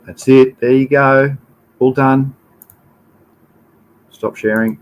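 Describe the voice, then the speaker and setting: An Australian man in his fifties hosts a casual livestream, rambling through slides, chatting with viewers and swearing offhandedly. His mid-range voice has fairly even intonation and a slow pace, and the audio is dull.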